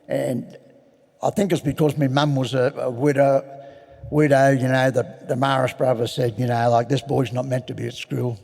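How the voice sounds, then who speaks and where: An older Australian man with a creaky, warm, medium-pitched voice shares his recovery story at an AA convention. He is plain-spoken and frank, poking fun at himself, and the large hall adds a long reverb.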